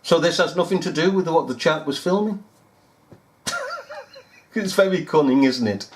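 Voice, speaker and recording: A man's voice: on the high side, normal speed. A man giving sarcastic, incredulous commentary over news footage, often repeating himself. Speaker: video commentator.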